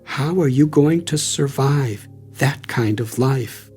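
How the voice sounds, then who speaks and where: Man reads a brotherly young traveler, concerned, unhurried. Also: mid-range voice, a little mellow, faint music behind, lightly acted. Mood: fond. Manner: fond, concerned. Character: worried young male companion, brotherly.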